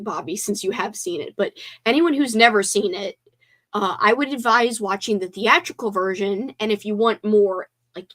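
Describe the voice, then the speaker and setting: A woman's voice: mid-range voice, a bit bright. A woman hosting a casual livestream, chatting and reading viewer comments aloud. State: teary, voice breaking. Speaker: livestream host.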